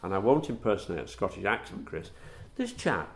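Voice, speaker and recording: A middle-aged man, a former footballer, recalling anecdotes in a relaxed interview, chuckling at his own stories. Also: on the low side, fairly quick, gravelly. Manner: warm storyteller, chuckles at his own tales.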